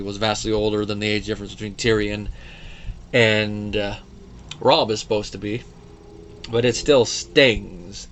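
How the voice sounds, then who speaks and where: A man's voice: fairly low pitch, gravelly, a bit bright, a little hiss or hum. A man in his thirties talking through a show episode in a casual solo review, chatty and digressive with fillers and quoted asides. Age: 30s.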